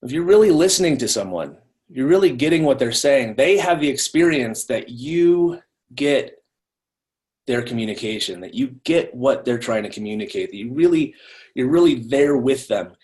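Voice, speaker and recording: A man's voice: medium pitch, lively intonation, normal speed, a little mellow. A man giving a live online training talk in a conversational way, often repeating words as he restarts.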